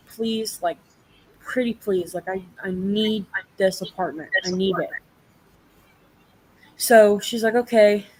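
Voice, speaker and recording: A woman's voice: mid-range voice, rough recording. A young woman telling a story in a casual live chat, swearing freely and acting out the people she quotes. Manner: profane, animated storytelling.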